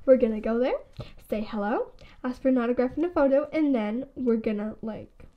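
A woman voicing a calm girl doll friend in a doll play video, soothing and coaxing. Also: fairly high pitch, fairly quick, muffled recording, a little hiss or hum, voice pushed down, close to an everyday voice.

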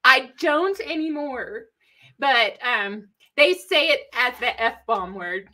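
A woman with a bright, sharp voice and an East Texas accent chats loosely on a genealogy live stream. She rambles off on tangents and laughs easily, pitched a little high. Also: animated, takes it slowly. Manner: chatty, rambling, laughs often, drawls when teasing. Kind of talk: casual live-stream chat.

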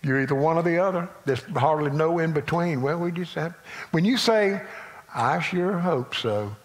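A male pastor with a Southern US accent preaching a sermon in a folksy manner, moving between loud emphatic lines and quiet asides. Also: a little high, a little fast.

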